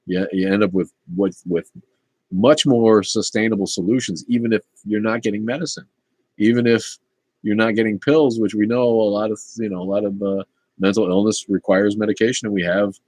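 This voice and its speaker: Man, fifties, stream host; low voice, casual and rambling, dry sound. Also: husky, dry recording. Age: 50s. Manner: relaxed, rambling, with many fillers. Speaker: livestream host reading chat. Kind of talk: casual livestream chat.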